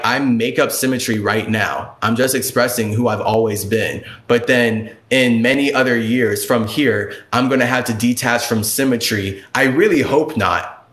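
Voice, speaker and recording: A man holds forth on a spiritual live stream in a casual, rambling way, looping back over the same points with emphatic, quickening bursts. His voice sits at an ordinary middle pitch. The sound carries a roomy echo around it. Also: fairly bright tone. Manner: rambling, repetitive, emphatic preaching with speeding bursts.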